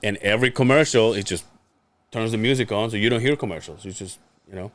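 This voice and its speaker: A man's voice: fairly low pitch, fast, a bit bright. A man, a podcast co-host, telling a story in casual chat, acting out quotes, laughing and swearing freely.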